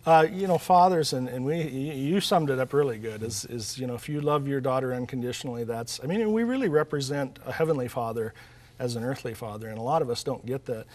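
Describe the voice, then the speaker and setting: A man's voice: medium pitch, lively intonation, fast, darkish tone. Earnest man telling stories in an interview. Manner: earnest, storytelling, with frequent restarts. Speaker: author and guest. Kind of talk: interview conversation.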